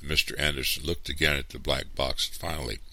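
A man calmly reading a story aloud as a narrator. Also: extremely low pitch, brisk, creaky, a little hiss or hum. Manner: calm, even read-aloud narration. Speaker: reader.

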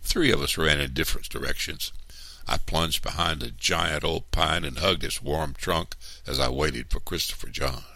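A man reads a storybook aloud, unhurried and expressive. His voice is very deep and gravelly, yet bright on top, and it swings widely in pitch. The sound is dry and close. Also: no echo.

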